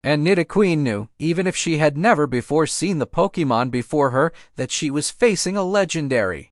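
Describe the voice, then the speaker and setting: A man reading a fan fiction audiobook aloud in a steady storybook manner. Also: a little high, a little fast, no echo, studio quality. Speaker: audiobook narrator.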